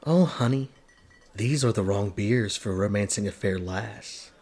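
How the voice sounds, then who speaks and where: A man's voice: measured pace, darkish tone. A man voicing a sly, flirtatious witch woman with a floating enchantress air, lifting his voice for her. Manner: sly, teasing, higher sweet voice.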